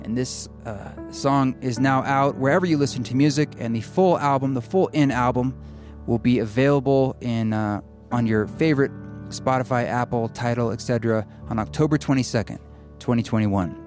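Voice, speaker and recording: A man's voice: medium pitch, normal speed. A man hosting a podcast and giving its outro in a casual, friendly promotional way. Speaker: podcast host. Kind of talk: outro announcement. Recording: voice over background guitar music.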